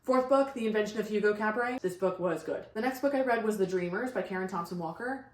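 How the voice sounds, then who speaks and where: A young woman giving casual, blunt book reviews in a vlog, upbeat with quick asides. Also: mid-range voice. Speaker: book vlogger. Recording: echoey room.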